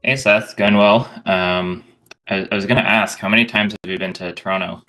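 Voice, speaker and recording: A man on a live tech show as a guest, friendly and relaxed as he explains his work. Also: fairly low pitch, moderate pace, soft background music. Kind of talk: casual interview.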